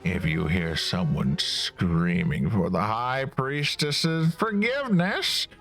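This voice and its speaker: A man's voice: on the low side, creaky, fairly bright tone, pitched above the performer's own voice, full character voice. A man doing a sneering prison guard. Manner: taunting, drawn-out mocking delivery. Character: sneering male prison guard, bossy and scornful.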